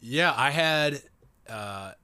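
A man in a casual conversation, a comedian and voice director telling animated stories and acting out quotes in a raised voice. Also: medium pitch, very slow, clear, resonant tone, no echo. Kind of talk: casual chat.

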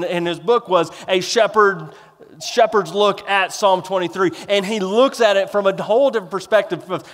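A male pastor delivers a sermon in a folksy, rambling manner, restarting phrases and joking at his own expense. His voice sits high for a man. A long reverb from a large sanctuary trails each phrase. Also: a bit bright. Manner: folksy, rambling with restarts and self-deprecating humor.

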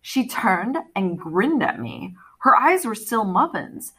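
A woman narrating an audiobook in the first person, with lively, expressive storytelling. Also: mid-range voice, slow, few pauses, slightly rough.

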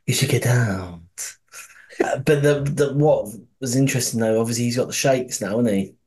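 A man's voice: medium pitch, fairly quick, warm tone, breathy edge. A man co-hosting a podcast, rambling casually about a TV series, with frequent restarts and swearing. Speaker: podcast co-host.

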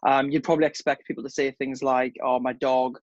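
A man's voice: medium pitch, little pitch movement, fairly quick, no room sound. A young man, a guest on a casual podcast over a video call, laid-back and rambling, often calling his host "mate". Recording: slightly dull video call audio.

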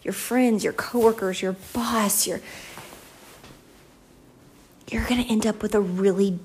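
A woman hosting a faith-based podcast, speaking with earnest emotion and chatty warmth, building her points through emphatic repetition. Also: medium pitch, fairly even intonation, husky. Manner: casual and chatty, with fillers and quick laughs. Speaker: podcast host. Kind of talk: faith-based motivational monologue.

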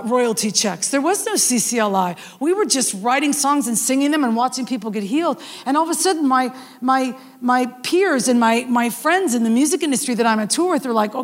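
Animated woman preaching in a reverberant hall. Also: high-pitched. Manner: animated, storytelling, frequent restarts and asides. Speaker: worship leader preaching. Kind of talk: sermon. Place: church hall.

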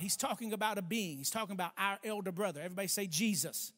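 A man preaching a sermon, speaking emphatically, stretching key words slowly and calling for responses from the congregation. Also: sits high, fairly bright tone. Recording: long hall reverb.

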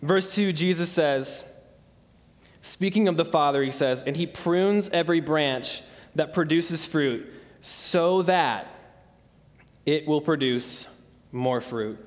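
A man's voice: a little high, big-room sound. A young man in his twenties preaching a sermon, earnest and conversational, telling a personal story. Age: 20s. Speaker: pastor.

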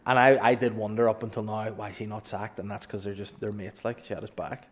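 A man's voice: lowish voice, flat delivery, quick pace. A young man with a Northern Irish accent, chatting casually and telling funny stories, swearing and laughing. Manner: storytelling, swears, acts out voices, laughs a lot. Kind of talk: casual comedic chat.

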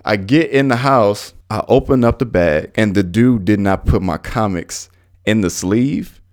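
A young man hosting a podcast, telling stories casually in an animated, profane, slangy way. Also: on the low side, measured pace. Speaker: podcast host. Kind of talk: casual storytelling monologue.

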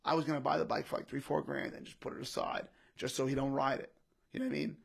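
This young man's mid-range voice is gravelly and slightly rough, fast and flat in delivery. A comedian guesting on a podcast, he recounts an emotional personal story casually, often repeating himself and saying "bro" and "literally".

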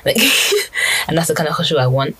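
A man's voice: fairly high pitch, very animated, normal speed, bright, forceful tone, breathy edge, rough recording. A young man with a hesitant, rambling way of talking, reflecting aloud in a casual monologue full of restarts. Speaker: speaker reflecting on personal prayers.

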